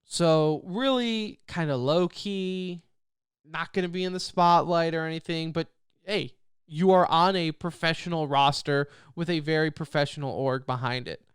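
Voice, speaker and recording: A man co-hosting a podcast in casual chat, his voice clear and resonant and pitched a little high. He rambles, restarts his sentences and laughs often. The sound is dry and close. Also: moderate pace, no echo. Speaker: podcast co-host.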